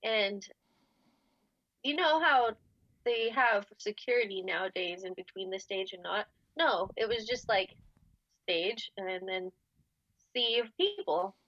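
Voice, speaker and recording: A woman in her forties telling a story in casual podcast chat, animated and often laughing. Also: mid-range voice, dry recording. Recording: slightly dull, dry podcast audio.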